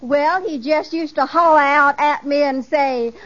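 Coy secretary on the stand, slow talker, highish voice, muffled old radio, faint audience. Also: female voice, fairly even intonation, background noise. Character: coy young secretary testifying. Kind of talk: 1940s radio comedy acting.

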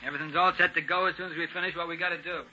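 A man's voice: fairly high pitch, steady tone, bright, forceful tone, breathy edge, exaggerated voice. A man playing an impatient, vicious gang leader in a 1940s radio drama, talking tough with an edge. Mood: bossy. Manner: fast, edgy tough talk. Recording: lo-fi old radio recording.

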